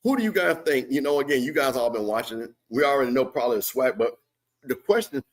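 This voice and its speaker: The host of this game watch party talks fast, with a medium-pitched voice and lively intonation. His live commentary is casual and slangy, and he reads viewer comments as the game goes on.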